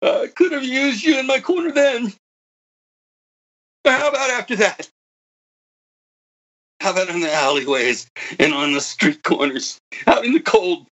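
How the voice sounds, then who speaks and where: A man's voice: sits high, animated, moderate pace, pauses often, a bit bright. An actor playing a bitter old man who was once a computer prodigy, delivering a dramatic monologue that swings from wry to anguished. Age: older.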